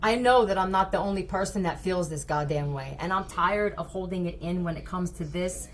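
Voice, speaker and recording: A woman's voice: fairly low pitch, a little fast, slight background noise. A woman with a Philadelphia accent doing a tarot card reading vlog, talking in a blunt, profane, rambling way from a hotel room. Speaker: tarot reader.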